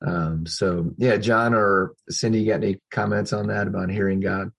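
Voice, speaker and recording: Pastor guy on a video call, really low husky voice, earnest and thinking out loud. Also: fairly even intonation, moderate pace. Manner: earnest, thinking aloud with restarts. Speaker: pastor hosting a Q&A. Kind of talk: casual discussion on a video call.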